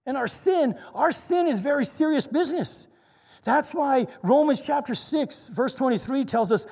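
A man with a very high voice preaches a sermon, earnest and repeating key phrases for emphasis. A long echoing reverb trails every line. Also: lively intonation, normal speed, vocal fry, a little mellow.

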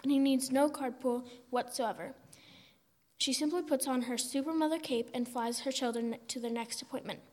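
A woman's voice: sits high, steady tone, normal speed, a little mellow, in a large hall. A woman giving a sermon with wry, humorous teaching.

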